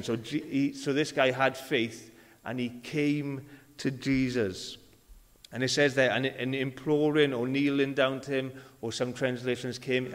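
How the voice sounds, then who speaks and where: A man preaching a sermon at a church service, talking conversationally and repeating key phrases for emphasis. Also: mid-range voice. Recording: long reverb of a large hall.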